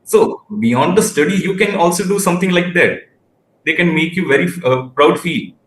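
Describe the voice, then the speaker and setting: A man's voice: high-pitched, a bit bright, slight background noise. Hesitant teenage guy in an echoey room. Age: teens. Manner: halting, hesitant phrasing with restarts. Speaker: guest researcher. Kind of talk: interview answers.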